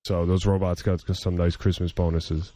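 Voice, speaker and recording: Podcast host, male, low pitch, dry studio sound, easygoing and jokey. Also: normal speed, no room sound. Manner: relaxed, jokey, laughs often. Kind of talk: casual chat.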